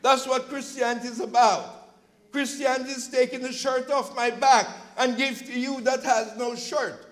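Man with a very high voice, preacher, impassioned sermon, shouts at peaks. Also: fairly even intonation, moderate pace, rough recording. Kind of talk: sermon with storytelling. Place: church.

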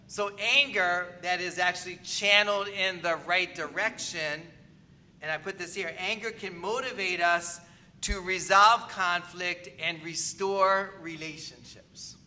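A man's voice: high-pitched, sharp tone. A man preaching a sermon as pastor, in a conversational manner, often asking the congregation whether they agree.

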